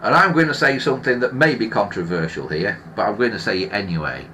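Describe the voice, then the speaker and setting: A man's voice: on the low side, expressive, fast, bright, forceful tone, a little hiss or hum. A man hosting a live stream, ranting in an opinionated, grumbling way and often restarting his sentences. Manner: rambling with frequent restarts. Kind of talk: casual live-stream chat.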